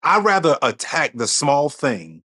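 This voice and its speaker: A man's voice: fairly high pitch, big pitch swings, unhurried, bright, forceful tone. A middle-aged man as a podcast guest, telling stories in casual conversation and acting out quoted dialogue.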